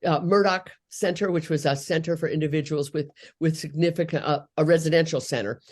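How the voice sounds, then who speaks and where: A woman's voice: low-pitched, fairly quick. A woman in her sixties, a speech therapist, telling a long personal story in an interview, acting out the people she quotes. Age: 60s. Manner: earnest, animated storytelling with quoted voices.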